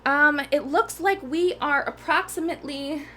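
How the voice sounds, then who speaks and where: A woman in her thirties, with a high voice and a slightly slow delivery, hosts a live music stream and chats casually between songs, rambling and poking fun at herself. Loud ukulele music plays behind her, with a bit of background noise.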